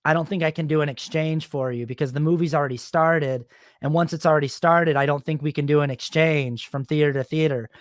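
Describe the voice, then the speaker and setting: A man's voice: on the high side, fairly even intonation, fairly quick, no room sound, clean studio sound, voice pushed down, natural voice. A man voicing a nervous teenage boy working at a cinema counter, hesitant and stammering. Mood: apologetic.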